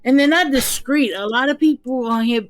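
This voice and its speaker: A woman's voice: high voice, normal speed. A woman co-hosting a casual commentary chat, chatty with frequent laughs and fillers. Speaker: commentary co-host.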